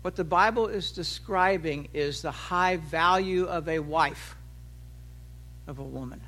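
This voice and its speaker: High, bright-voiced preaching man. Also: a little slow. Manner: animated preaching, voice rising for acted quotes and dropping low at phrase ends. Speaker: pastor. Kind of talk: sermon.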